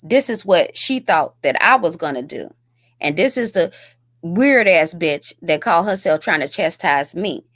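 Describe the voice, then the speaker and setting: A woman's voice: fairly low pitch, expressive, unhurried, a bit bright, no echo. A woman hosting a commentary video, ranting bluntly and scornfully with heavy profanity. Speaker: YouTube commentary host.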